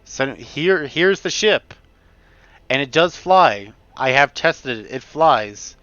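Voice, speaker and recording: A man talks through his game in a rambling way, full of restarts, and sometimes races ahead in fast bursts. His voice is bright and forward. The sound is dull and lo-fi, with a dry close mic. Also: mid-range voice, expressive, no room sound. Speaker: gamer. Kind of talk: casual gameplay commentary. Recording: dull home mic recording.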